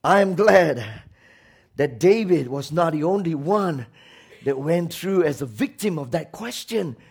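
A man preaching a sermon with passion, swinging between shouted lines and hushed ones. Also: fairly high pitch, expressive, unhurried, gravelly, husky.

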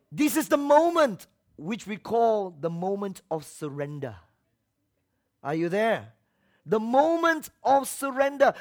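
High-voiced preaching man, soft then shouting. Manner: swings from soft asides to shouted exhortation; repeats key phrases for emphasis. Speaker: pastor. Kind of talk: sermon.

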